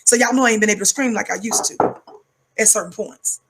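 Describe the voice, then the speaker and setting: Husky fiery woman commentator. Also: quick pace, a bit bright. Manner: emphatic, rhythmic, repeats words for effect; calls herself high-energy. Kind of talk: fiery preaching-style commentary.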